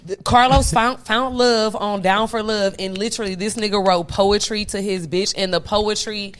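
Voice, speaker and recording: A young woman hosts a casual podcast chat at an ordinary pitch. She talks in an animated, emphatic way and swears freely. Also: moderate pace. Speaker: podcast host.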